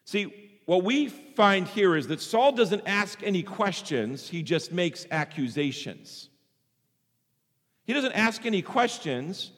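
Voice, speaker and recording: A man preaching a sermon in an animated way, sometimes acting out the voices of the people he quotes. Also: high voice, slow pace. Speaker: pastor. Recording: long hall reverb.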